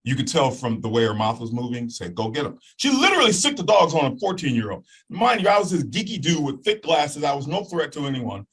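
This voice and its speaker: A man telling a personal story as a guest in an animated way. He acts out voices and sounds and keeps checking in with "okay?". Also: on the high side, fairly quick, hardly any pauses, breathy edge, low-quality recording.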